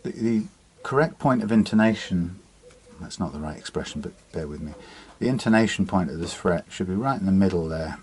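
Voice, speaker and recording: A man's voice: low-pitched, lively intonation, brisk. A man working as a guitar repair technician, talking through his work in a casual, rambling way with frequent fillers and restarts. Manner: chatty, thinking aloud with many restarts and fillers. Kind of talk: casual workshop demonstration. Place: workshop bench. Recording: loud workshop filing noise. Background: file rasping and sanding on metal frets.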